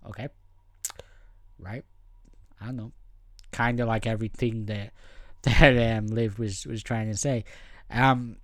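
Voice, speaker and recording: A man hosting a casual podcast, rambling and swearing freely as he mimics people in quick asides. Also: medium pitch, a bit bright, dry recording. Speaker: podcast host. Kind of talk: casual wrestling review podcast.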